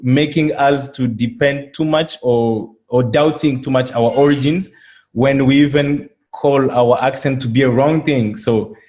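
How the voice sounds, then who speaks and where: A man's voice: mid-range voice, a little mellow. A man from Congo, a French speaker, hosting a casual conversation. He talks earnestly and often repeats words as he starts a thought. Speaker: host.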